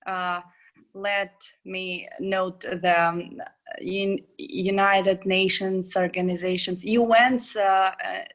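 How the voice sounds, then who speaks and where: A woman's voice: medium pitch, little pitch movement, slow pace. A young woman, a student, giving her opinion in an online class discussion, thoughtful and hesitant with many fillers. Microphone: video call.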